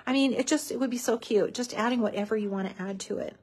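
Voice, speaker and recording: A chatty woman hosts a live craft tutorial with a bubbly, easygoing manner. Her voice sits a little high, and she leans on fillers as she talks. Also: quick pace, darkish tone, husky.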